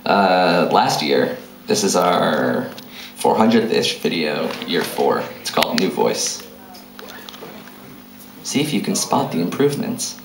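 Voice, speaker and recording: A young man introducing clips in a casual lecture, with a relaxed, offhand way of talking. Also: sits low, slow pace, creaky, pauses often. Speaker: web series creator giving a lecture. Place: lecture hall. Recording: echoey hall with noise.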